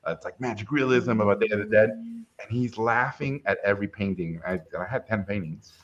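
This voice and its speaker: A fairly low-pitched, brisk male voice belongs to a middle-aged film director. Chatting casually with an interviewer, he relates a story from his own life and brings its people to life with lively impressions, all on a dull lo-fi recording.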